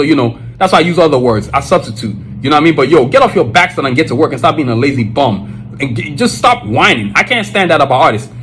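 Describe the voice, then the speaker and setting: A man's voice: fairly high pitch, fairly bright tone, slight background noise, poor audio. A male podcast host giving an emphatic, preachy casual monologue, full of filler phrases.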